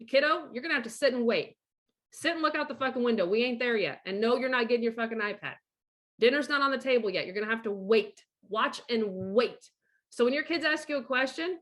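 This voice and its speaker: A woman's voice: a little high, expressive, normal speed, fairly bright tone. A middle-aged woman working as a divorce coach talks straight to camera in a blunt, bossy monologue full of swearing. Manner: blunt, profane and emphatic; bossy, gives direct orders. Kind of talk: casual profane monologue to camera.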